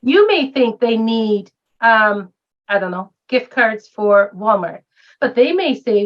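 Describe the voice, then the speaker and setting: A woman's voice: fairly high pitch, expressive, takes it slowly, lo-fi sound. A retired woman professor speaking as a guest in a round-table discussion, emphatic and posing rhetorical questions.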